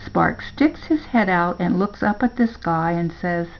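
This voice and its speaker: An older woman reading a children's story aloud in a slow, measured way. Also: on the low side, expressive, lo-fi sound.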